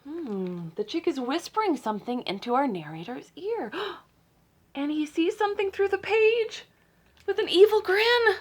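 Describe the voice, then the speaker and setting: A woman librarian reading a picture book aloud to children, playful and teasing, with dramatic gasps and hushed asides. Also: very high-pitched, expressive, normal speed, a little hiss or hum.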